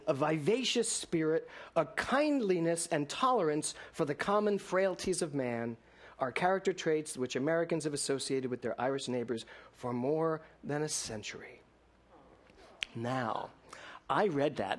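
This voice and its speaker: A male minister preaching with a high voice that swings widely up and down. He tells stories with laughter and asks his listeners pointed questions. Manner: lively storytelling with laughter and rhetorical questions. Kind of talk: sermon.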